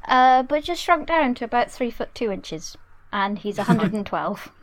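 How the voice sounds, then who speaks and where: A woman's voice: a little high, animated, moderate pace, rough recording. Cheeky woman player. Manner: cheeky, playful. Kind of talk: casual chat at a tabletop game.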